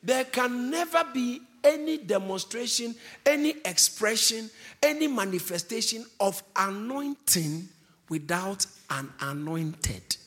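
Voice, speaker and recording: A man's voice: sits high, lively intonation, measured pace, fairly bright tone. A man preaching a sermon, emphatic, stretching out key words for weight.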